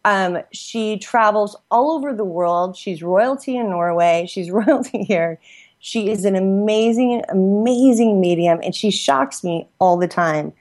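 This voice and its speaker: A woman's voice: medium pitch, moderate pace, darkish tone. A woman hosting a podcast, effusively thanking guests and friends in a rambling, casual way with frequent laughs. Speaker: podcast host. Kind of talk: casual gratitude shout-outs. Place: Los Angeles.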